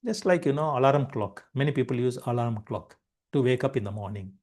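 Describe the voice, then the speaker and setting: A man's voice: mid-range voice, animated, fairly quick, a little mellow. A man giving a spiritual lecture, explaining each point through repeated everyday examples. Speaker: spiritual teacher.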